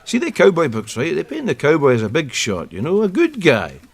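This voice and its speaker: A man's voice: fairly high pitch, huge pitch swings, brisk, slightly rough, full character voice. An actor with a Scottish accent playing an irritable old man who lectures and grumbles, in a sketch comedy. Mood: exasperated. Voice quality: exasperated, grumbling. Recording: background noise.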